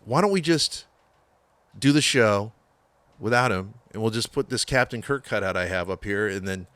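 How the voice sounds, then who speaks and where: In a dry recording, a middle-aged man with a fairly low voice at a moderate pace tells stories as a podcast guest. It's casual interview storytelling, animated, full of swearing, with quotes from others acted out.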